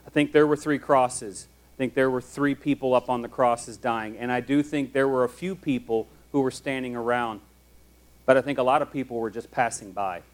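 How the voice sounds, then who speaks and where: A man preaching a sermon as a pastor, telling the story in a conversational, animated way. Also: mid-range voice.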